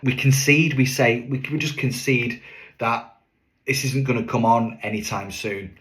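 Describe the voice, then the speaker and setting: A man's voice: medium pitch, a little slow. A man, a singing waiter, chatting to camera as he tells a story from a show. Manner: chatty, lively, with fillers and asides.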